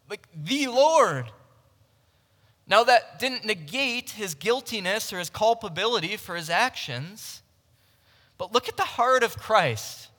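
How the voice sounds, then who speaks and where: A man preaching a sermon to a room of listeners, earnest and conversational, with frequent restarts and swings between loud emphasis and hushed moments. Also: high-pitched. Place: large room with a live audience. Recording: long reverb from a large hall.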